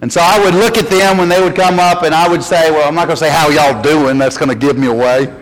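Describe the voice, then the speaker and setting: A man's voice: a little high, fast. A middle-aged man from the North Carolina mountains, with a Southern accent, preaching a sermon in a folksy storytelling way. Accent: Southern US, western North Carolina. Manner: folksy storytelling, animated when quoting. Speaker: pastor. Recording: long reverb of a church hall.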